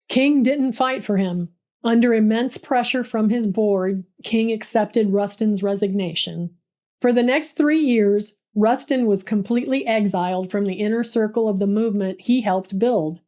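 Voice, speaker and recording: A woman's voice: mid-range voice, normal speed, mellow. A woman narrating a scripted history story in a dramatic, vivid storytelling manner.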